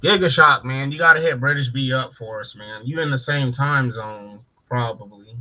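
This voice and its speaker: A man's voice: mid-range voice, normal speed, bright, forceful tone. Joking profane man on lo-fi stream. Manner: joking, profane, greets chat viewers. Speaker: live stream co-host. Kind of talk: casual late-night live stream chat.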